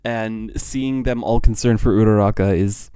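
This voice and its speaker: A young man giving live reaction commentary as a streamer. He is an excitable fan who gasps, laughs and trails off into restarts. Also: lowish voice, normal speed, clean tone, dry recording, studio quality. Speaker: streamer reacting to a manga chapter.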